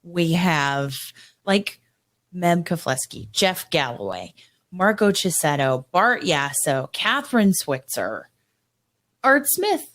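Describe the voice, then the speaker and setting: A woman co-hosting a podcast, upbeat, chiming in with quick remarks and greeting listeners. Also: on the low side, sing-song, a bit bright. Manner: upbeat, quick interjections, reads chat aloud. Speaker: podcast co-host. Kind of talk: casual chat.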